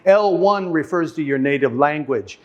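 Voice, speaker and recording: A man teaching an English lesson, speaking slowly and deliberately, repeating and sounding out example words. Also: a little high, lively intonation, muffled recording. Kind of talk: classroom lesson.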